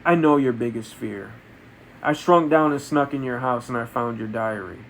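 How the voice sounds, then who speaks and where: A man voicing a smug male movie villain who taunts the hero in a lowered, mocking tone. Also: normal speed, creaky, close to an everyday voice, rough recording. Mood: taunting.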